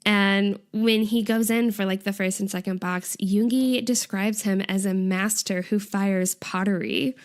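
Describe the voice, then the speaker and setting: On a casual podcast, a young woman co-host animatedly recounts an episode, punctuating it with laughter and frequent "like"s. She keeps a measured pace with hardly any pauses in her mid-range voice.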